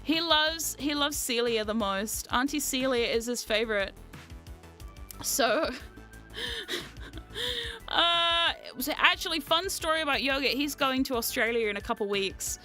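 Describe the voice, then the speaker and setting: A woman vlogger chatting casually, telling animated stories, often laughing and swearing freely. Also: high voice, unhurried, pauses often, faint music behind. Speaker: VTuber vlogger. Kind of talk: casual storytelling chat.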